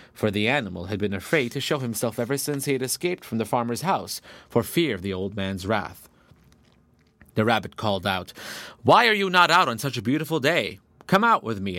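Low-voiced man reading a fairy tale. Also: dry recording. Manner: steady, measured reading. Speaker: narrator. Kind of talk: storybook narration.

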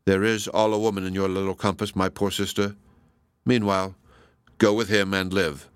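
Man voicing a proud scornful queenly woman, audiobook, low voice, dry sound. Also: level tone, moderate pace, clean tone, dry recording, natural voice. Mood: proud, bitter.

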